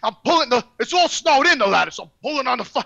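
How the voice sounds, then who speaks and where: A middle-aged man telling a profane story, animated and swearing constantly. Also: extremely high pitch, very fast, gravelly, dull audio. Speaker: podcast guest telling a story. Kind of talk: profane storytelling, casual chat.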